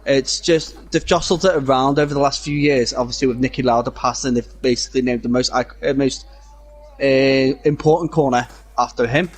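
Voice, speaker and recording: A man's voice: mid-range voice, a little fast. A man co-commentating a live online racing league, giving trivia and correcting his partner.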